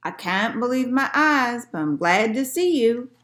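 A woman's voice: on the high side, animated, unhurried, a bit bright, voice pushed up. A woman reading a picture book aloud, voicing a relieved jungle hunter who exclaims his lines. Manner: exclaiming, raised voice.

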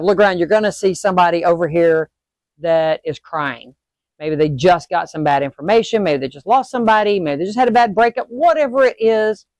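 A woman's voice: mid-range voice, no echo. A woman hosting a witchcraft lesson, talking casually and checking in with "okay?" and "all right?" after nearly every point. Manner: animated when acting out sudden emotions. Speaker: host teaching witchcraft. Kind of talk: casual instructional talk.

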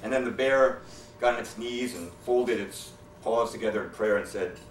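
A man telling jokes to a live audience, deadpan, acting out the characters in his stories. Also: medium pitch, moderate pace, background noise. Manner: deadpan storyteller who acts out quoted characters. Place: lecture hall with an audience. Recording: echoey hall, distant mic. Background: audience laughter.

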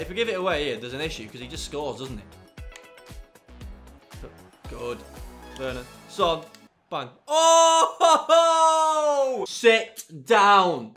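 A young man commentating his own football video game, muttering through play and erupting into shouts at goals. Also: fairly high pitch. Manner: excitable, bursts into shouts after goals. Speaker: gaming YouTuber.

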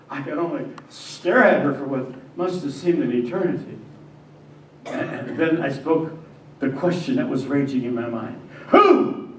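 A pastor acting out a devout young carpenter who tells his story in the first person. He stammers and speaks from the heart, sliding from a hush into agitation. His somewhat high voice comes from well away from the mic in an echoing church, over a faint hiss. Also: distant mic. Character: earnest young male carpenter, devout and shaken. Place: church sanctuary.

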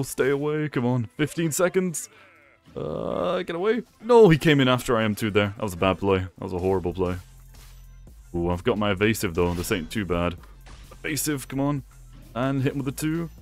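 Excitable young man narrating gameplay. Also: sits low. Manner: excitable, laughs often, talks to himself. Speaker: gaming YouTuber. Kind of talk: gameplay commentary.

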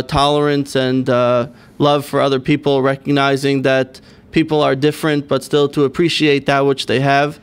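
A man, a rabbi, guesting on a radio show, explaining earnestly with many pauses and fillers. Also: medium pitch, clear, resonant tone. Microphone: studio microphone.

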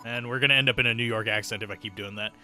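A man's voice: lowish voice, fairly even intonation, rapid-fire, sharp tone, faint music behind. A man streaming a video game playthrough, reading the dialogue aloud and cracking jokes in a playful way.

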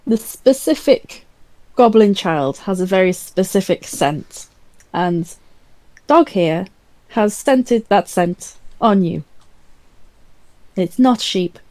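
A woman's voice: mid-range voice, slow, pauses often, darkish tone, low-quality recording. A woman playing a tabletop game in character, blunt and matter-of-fact. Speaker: player.

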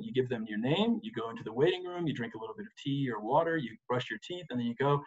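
Speaking into a desk microphone at home, a middle-aged advocacy and presentation coach gives lawyers an energetic webinar, hammering points with a repeated "you've gotta." His voice is fairly high-pitched and the recording sounds muffled.

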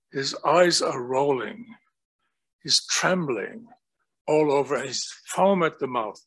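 A man delivering an academic talk in a slightly raised, husky voice. He tells stories with energy and keeps throwing rhetorical questions at the audience. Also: a little high, rough recording. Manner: animated storytelling with rhetorical questions. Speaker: guest lecturer.

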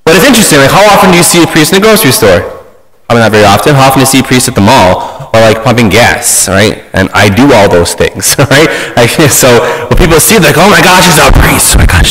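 A young priest giving a conversational, joking sermon, full of quick asides and tag questions. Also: male voice, a little high, a bit bright. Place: large church. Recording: echoey church with long reverb.

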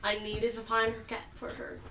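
A woman's voice: a little high, completely flat delivery, moderate pace, reverberant, a crowd in the background, rough recording. A woman playing a tabletop game, answering in short, playful replies. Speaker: player.

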